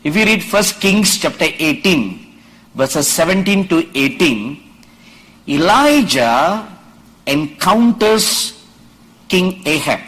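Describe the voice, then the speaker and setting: A man preaching at a conference, acting out Bible dialogue and building to loud, emphatic peaks. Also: on the high side, sing-song, slow, pauses often, poor audio. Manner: dramatic, acts out Bible dialogue, rises to shouts. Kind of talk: sermon. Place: conference stage.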